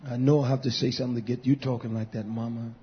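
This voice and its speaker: A male pastor preaching a fiery, scolding sermon, swinging from low mutters to shouts, on a dull lo-fi recording. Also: flat delivery, fast talker.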